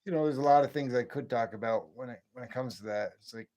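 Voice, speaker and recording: A man's voice: mid-range voice, fast talker, a little mellow. A man in his late fifties from the northern US near the Canadian border, chatting casually and rambling on a late-night livestream. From northern United States near the Canadian border. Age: 50s. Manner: rambling, chatty, chuckles to himself. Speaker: livestream host.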